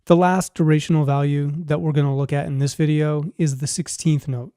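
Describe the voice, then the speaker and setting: A man explains rhythm notation in a clear, measured teaching voice. His tone is mellow and sits a little high. The recording is dry and close, with no room sound. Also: steady tone, no echo. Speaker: music teacher. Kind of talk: scripted instructional narration.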